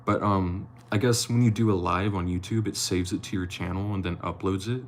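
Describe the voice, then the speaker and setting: A man's voice: sits low, steady tone, fairly quick, slight background noise. A man reading a novel aloud on a live stream, chatting loosely with viewers, swearing casually and slipping over words.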